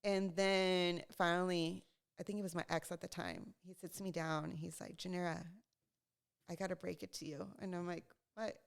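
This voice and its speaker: A young woman co-hosts a casual podcast and tells a funny story with plenty of energy, slipping into quoted voices and laughing along. Her voice is smooth and clear and sits a little low for a woman. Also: normal speed. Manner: animated, laughing, acts out quotes. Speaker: podcast co-host.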